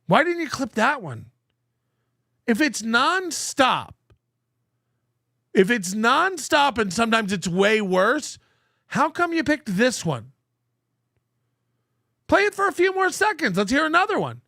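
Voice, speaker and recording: A man's voice: very high voice, very animated, unhurried, vocal fry, long pauses, sharp tone, no room sound, clean studio sound. A man hosting a show, reacting to clips with sarcastic, profane commentary and frequent laughs.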